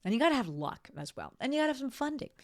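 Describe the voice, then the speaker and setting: A woman's voice: high voice, big pitch swings, racing, a little mellow. Profane, rambling woman podcast host. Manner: blunt, profane, rambling with frequent "right?" tags. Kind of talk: casual solo podcast monologue.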